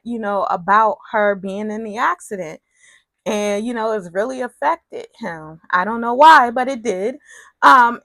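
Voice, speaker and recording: Woman, chatty recap vlogger, opinionated, animated, mid-pitched, dry close sound. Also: no echo. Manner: chatty and opinionated, acts out quotes in a shifting voice; animated, voice jumps up when exasperated. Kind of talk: casual soap opera recap.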